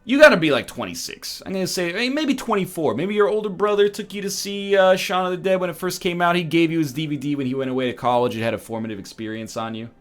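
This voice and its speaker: A man's voice: sits high, fast talker, few pauses, fairly bright tone, faint music behind. A man riffing and joking sarcastically in casual stream chat. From Canada.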